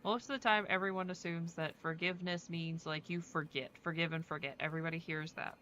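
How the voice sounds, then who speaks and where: A bright-voiced woman chats casually and rambles while streaming, her pitch on the lower side. The sound is a little dull, with faint noise behind it. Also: steady tone, fairly quick. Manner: rambling, chatty, with many fillers. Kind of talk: casual chat while playing a game.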